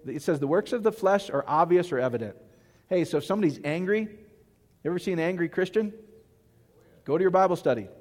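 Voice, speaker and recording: A man's voice: sits high, animated, a little fast, long pauses, a little mellow, long reverb tail. A man preaching a loose, conversational sermon, joking and quizzing the congregation as he goes. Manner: folksy, joking, asks the congregation questions. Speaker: pastor.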